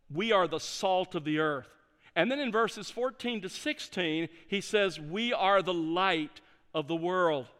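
A man preaching a sermon, measured and emphatic, slowing down to stress key phrases. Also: sits high, fairly bright tone, clean tone, big-room sound. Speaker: pastor.

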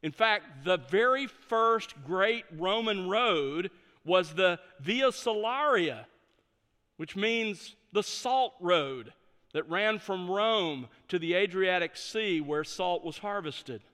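A man preaching a sermon, measured and emphatic, slowing down to stress key phrases. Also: high-pitched, animated, pushed and bright, in a large hall. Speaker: pastor.

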